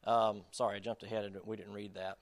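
A man's voice: lowish voice, flat delivery, fast, no echo. A man preaching in a casual, conversational style, self-deprecating and speaking straight to the listeners. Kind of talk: conversational sermon.

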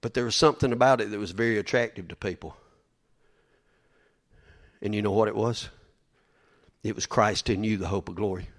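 A man's voice: lowish voice, a little fast, long pauses. Folksy preacher man. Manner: folksy, emphatic, repeats himself. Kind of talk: sermon.

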